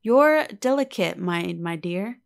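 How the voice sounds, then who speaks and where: Old country weaver, kindly and slow, soft rustic talk, read by a woman. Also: mid-range voice. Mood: tender. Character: old male village weaver, gentle and tender.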